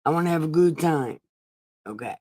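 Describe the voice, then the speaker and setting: A woman's voice: deep voice, lively intonation, normal speed, warm tone, breathy edge. A woman hosting a casual livestream Bible reading, swearing and laughing as she chats with her viewers. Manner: crude, swearing, laughing asides, chatting to viewers. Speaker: livestream host.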